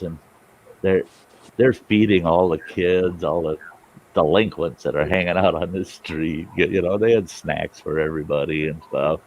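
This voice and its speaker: A man's voice: low voice, a little mellow, lo-fi sound. A middle-aged man hosting a storytelling show, telling a story in a rambling, folksy way with plenty of cussing. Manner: folksy, rambling, salty-tongued. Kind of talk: casual spoken storytelling.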